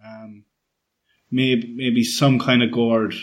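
A man's voice: mid-range voice, flat delivery, slow pace. Male co-host, dry and jokey, easygoing casual chat. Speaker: podcast co-host.

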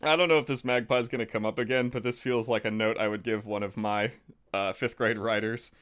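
A man's voice: on the low side, fairly even intonation, fairly quick, a bit bright. A man co-hosting a podcast, reading a folk tale aloud and breaking off for dry, wry asides. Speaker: podcast co-host, story reader.

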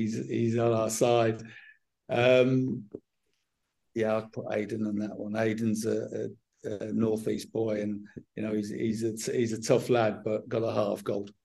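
This middle-aged man from England, a football manager with a Southern English accent, gives frank, measured interview answers and keeps restarting sentences. His voice is on the low side, gravelly and darkish.

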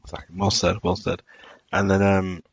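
A man's voice: deep voice, flat delivery, normal speed, gravelly, muffled recording. A man from Birmingham with a light Birmingham accent, co-hosting a podcast in casual chat and laughing easily. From Birmingham, England. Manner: chatty, laughs easily, restarts sentences. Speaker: podcast co-host.

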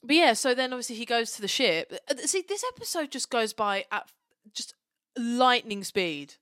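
A young Englishwoman co-hosting a podcast in casual chat, animated and sweary, acting out characters as she talks. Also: fairly high pitch, moderate pace, no echo, studio quality. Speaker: podcast co-host.

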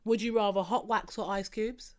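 A woman's voice: mid-range voice, steady tone, moderate pace, a little mellow. A woman hosting a podcast, chatting casually and teasing her co-host. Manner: cheeky, teasing, laughs often. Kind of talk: casual chat.

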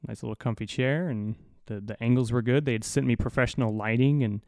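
A man hosting a podcast, spinning a casual story in a rambling, swear-laden, self-mocking way. His voice is mellow and smooth, caught close and dry on a studio mic. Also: mid-range voice, fairly quick, no echo. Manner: rambling, profane, self-deprecating, with many restarts. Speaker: podcast host. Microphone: studio mic through an audio interface.

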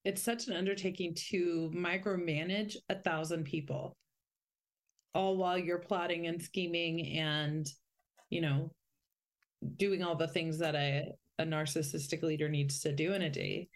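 A woman's voice: fairly low pitch, fairly even intonation, unhurried. A woman co-host chiming in with short reactions and musing comments in a casual chat.

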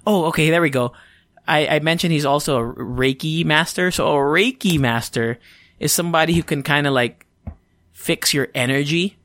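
A man's voice: a little high, normal speed, fairly bright tone, no room sound. A man hosting a casual solo podcast, a little sleepy, rambling, swearing freely and often cutting himself off mid-sentence. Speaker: podcast host.

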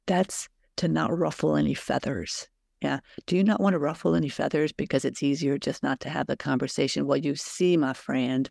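A woman's voice: sits low, vocal fry, darkish tone, no echo, clean studio sound. A woman hosting a reflective solo podcast, reading aloud and musing earnestly, posing questions to her listeners. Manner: earnest, conversational, poses rhetorical questions to listeners. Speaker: podcast host.

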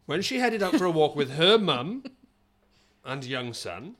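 A comedy podcast host, an animated man pitched a little high, tells a story in casual comic chat while reading a news item aloud. He's playful, slipping into quick put-on regional accents and laughing often.

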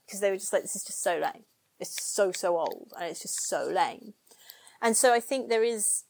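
A woman's voice: medium pitch, no room sound. Woman guest speaking dry and close. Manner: lively, thinks aloud with restarts. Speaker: guest scholar. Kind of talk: podcast interview.

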